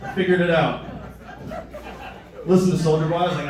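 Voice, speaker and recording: Young male stand-up comedian, crude and rambling, a touch high, live in a very echoey club with the mic a little distant. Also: steady tone, a little fast. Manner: crude, rambling, jumps to loud high voices for quoted people.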